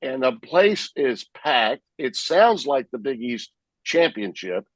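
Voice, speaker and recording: A man, a sports broadcaster, telling lively stories about calling games in a podcast interview. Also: medium pitch, slow pace, no echo, rough recording. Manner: animated, vivid storyteller who acts out his own play calls. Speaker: sportscaster guest.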